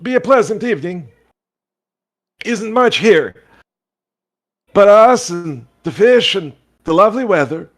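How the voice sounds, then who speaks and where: A high, twangy elderly boggart, put on by a man running a tabletop game. He drawls in a cheerful, hospitable, folksy way. He sounds like an old fisherman by his campfire. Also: animated, unhurried, pauses often. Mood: folksy friendly.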